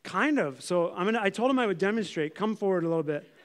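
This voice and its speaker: A male pastor with a high voice gives a sermon in a church. He speaks in a casual, conversational way and often stops to ask his listeners questions. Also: lively intonation, fast. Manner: conversational, uses props and questions the congregation.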